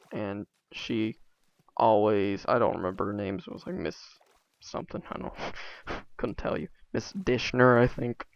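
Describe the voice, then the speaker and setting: Creaky-voiced man rambling casually. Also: mid-range voice, no room sound, dull audio. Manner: rambling, many fillers, self-interrupting asides. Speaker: vlogger.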